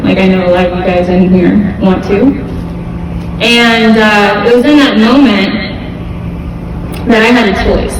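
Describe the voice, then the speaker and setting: A young woman gives a relaxed, heartfelt talk to a school audience, with many fillers and repeated words. She sounds distant from the mic, with long reverb from a large hall and a steady noisy background. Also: mid-range voice. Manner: casual, earnest, with fillers and repeats. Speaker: guest speaker at a school event. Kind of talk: motivational talk to students. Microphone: distant camera mic. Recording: echoey gym, far from the mic.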